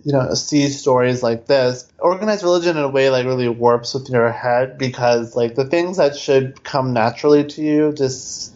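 A man's voice: mid-range voice, moderate pace, few pauses, a little mellow, lo-fi sound. A man co-hosting a casual film podcast, talking thoughtfully with frequent restarts. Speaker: podcast co-host.

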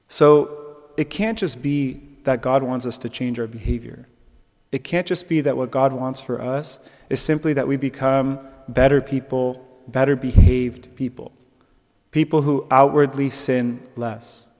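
A man's voice: medium pitch, a little slow, in a large hall. A young man giving a conversational sermon reflection, with fillers and restarts. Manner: conversational, with fillers and restarts, animated when telling stories. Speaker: preacher.

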